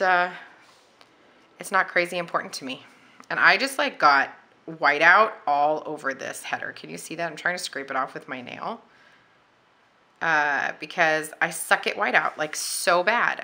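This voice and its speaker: A woman's voice: fairly low pitch, sharp tone. A woman chatting casually at home while she decorates a planner, rambling with lots of fillers. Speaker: planner vlogger.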